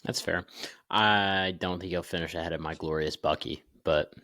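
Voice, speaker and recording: A man's voice: deep voice, fairly even intonation, moderate pace, bright, forceful tone, no echo, clean studio sound. A young man co-hosting a casual sports podcast over a video call, rambling with fillers and restarts. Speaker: podcast co-host.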